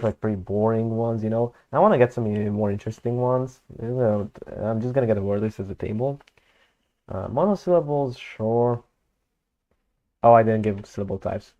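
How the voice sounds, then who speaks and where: A man's voice: on the low side, warm tone, lo-fi sound. A man talking casually as he works through his own constructed language, thinking aloud with fillers and self-corrections. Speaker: conlang creator. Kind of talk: casual screen-recorded commentary.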